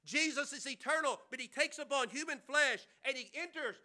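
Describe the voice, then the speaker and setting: A man's voice: very high voice, moderate pace, sharp tone. A man pastor preaching a sermon in a church, conversational, with rhetorical questions and repeated words.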